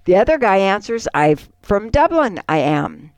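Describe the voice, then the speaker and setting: A woman co-hosting a farm radio show, reading ads and telling jokes in a lively way. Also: mid-range voice, normal speed, no echo. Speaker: radio co-host.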